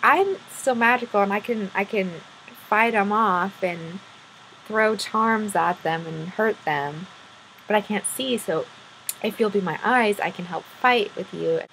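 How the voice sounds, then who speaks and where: A woman's voice: mid-range voice, unhurried, fairly bright tone, a little hiss or hum, low-quality recording. A woman voicing a brash blind zombie fairy. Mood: blunt.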